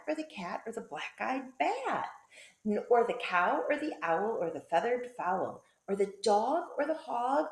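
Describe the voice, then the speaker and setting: A woman teacher reading a picture book aloud to children, playful and expressive. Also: medium pitch, vocal fry, echoey room. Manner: playful, expressive storytelling with sound effects.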